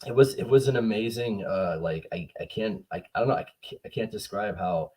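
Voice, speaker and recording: A man's voice: on the low side, brisk, warm tone, slightly rough, low-quality recording. A man, a firefighter and art teacher, telling an earnest, heartfelt story as a guest in casual chat. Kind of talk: casual video-call chat.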